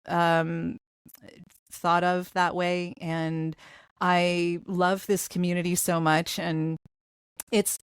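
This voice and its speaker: A woman guest on a podcast, speaking hesitantly with halting fillers. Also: on the low side, flat delivery, clean tone, dry recording, studio quality. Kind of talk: casual chat.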